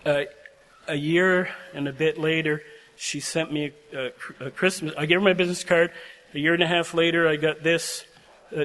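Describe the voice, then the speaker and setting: A man's voice: a little high, level tone, moderate pace, a bit bright. An older man giving a heartfelt, emotional address to seminary graduates, telling personal stories in an earnest way. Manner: heartfelt, emotional, prone to tearing up. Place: large chapel. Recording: long chapel reverb.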